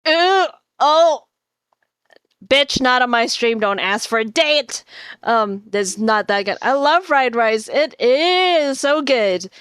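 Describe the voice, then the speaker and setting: A woman's voice: fairly high pitch, expressive, takes it slowly, a bit bright, clear, resonant tone, no echo, studio quality. A woman hosting a livestream in casual chat, giggly and playful, swearing freely. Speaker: livestream host.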